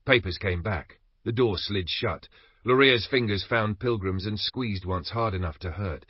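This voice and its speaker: A man narrating an audiobook in a steady, measured reading. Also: lowish voice, slightly rough, dry recording. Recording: dry, slightly dull recording.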